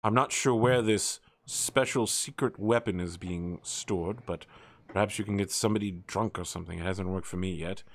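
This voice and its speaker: A man voicing a composed male secret agent, speaking formally and politely. The voice sits slightly low, dry and close to the mic. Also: moderate pace, no echo.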